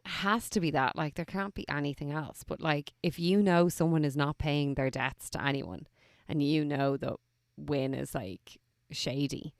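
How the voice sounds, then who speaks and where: A woman co-hosting a casual chat podcast, blunt and quick with wry one-liners. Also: low voice, vocal fry, no echo, clean studio sound. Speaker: podcast co-host.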